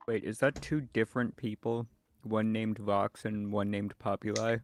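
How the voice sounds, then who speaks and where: A man's voice: fairly low pitch, flat delivery, normal speed. Dry-witted male tabletop player. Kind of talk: casual chat.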